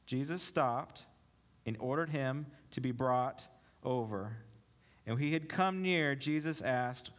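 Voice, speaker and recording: A man's voice: medium pitch, lively intonation, unhurried. A male pastor preaching a sermon, reading scripture aloud and explaining it with rhetorical questions to the congregation. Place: church.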